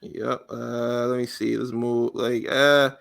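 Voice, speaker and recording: Podcast dude with a bright sharp voice, acting out what people said. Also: male voice, medium pitch, slow, vocal fry, clean tone. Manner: animated storyteller who acts out quotes. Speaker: podcast co-host. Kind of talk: casual chat. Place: podcast studio.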